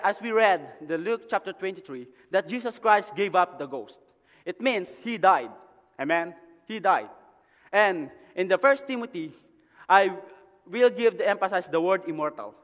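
A man delivers a sermon as a missionary preacher, his voice sitting fairly high. He breaks his reading into short phrases, punctuates them with "Amen?", and sinks to a hushed murmur in prayer. A long reverb trails each line. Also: animated, normal speed. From Philippines. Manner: drops to a quiet murmur in prayer.

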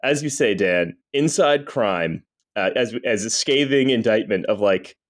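A man's voice: on the low side, animated, unhurried. A man co-hosting a podcast, rambling through a comedic discussion with frequent restarts. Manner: rambling, lots of restarts and fillers. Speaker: podcast co-host.

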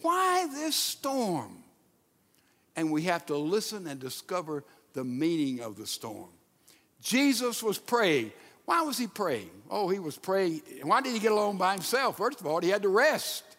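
High-voiced preaching man in a reverberant hall. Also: sing-song, fairly bright tone. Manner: emphatic preaching with dramatic pauses. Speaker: pastor. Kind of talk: sermon.

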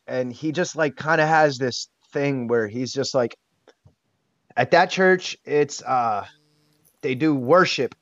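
A man's voice: medium pitch, no room sound. Emotional man, candid and blunt. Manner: emotional, blunt, swears casually, many restarts. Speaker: podcast guest. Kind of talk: candid personal storytelling. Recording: dull lo-fi dry sound.

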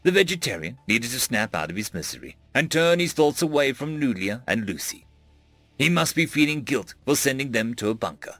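A man narrating a sci-fi audiobook with expressive storytelling. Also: mid-range voice, a little fast, no echo, faint music behind.

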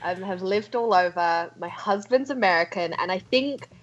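A woman's voice: mid-range voice, moderate pace, highs cut off, noisy background. A British woman chatting as a podcast guest, bubbly and full of "like.". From England. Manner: bubbly, fillers like "like". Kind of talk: casual chat.

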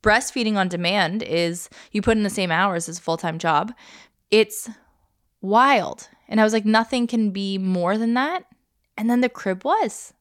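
Woman, 30s, podcast co-host, relaxed storyteller, mid pitch, dry close sound. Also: measured pace, no room sound. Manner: chatty, storytelling, laughs easily. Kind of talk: casual chat.

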